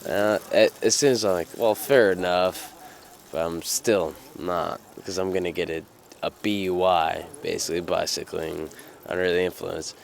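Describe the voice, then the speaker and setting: A man's voice: low voice, fairly even intonation, moderate pace, gravelly, a little hiss or hum. A young man casually telling a personal anecdote, rambling with fillers and restarts and swearing freely. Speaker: storyteller.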